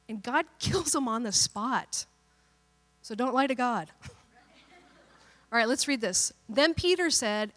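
A woman's voice: a little high, measured pace, pauses often, fairly bright tone. Chatty woman pastor preaching in a hall. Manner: chatty, keeps checking in with "right?". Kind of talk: Bible-teaching sermon. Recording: long hall reverb.

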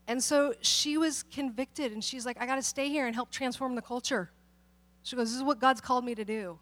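A woman's voice: high voice, a little fast. A woman pastor giving a conversational sermon, telling stories and acting out the people in them. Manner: animated storytelling, acts out quoted people.

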